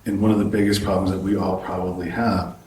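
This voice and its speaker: A man's voice: deep voice, level tone, fast talker, a little mellow, far from the mic, slight background noise. A man hosting a podcast, asking rambling, casual questions with some swearing. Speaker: podcast host. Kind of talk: casual interview. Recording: echoey room, voice from off-mic.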